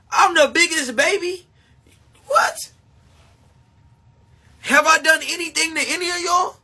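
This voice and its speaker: Male streamer, very high, bright, husky voice, emotional confessional rant that jumps from loud to hushed. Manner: swings between shouting and hushed talk, heavy cursing; confessional and self-mocking. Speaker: livestreamer talking to his supporters. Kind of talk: emotional livestream monologue.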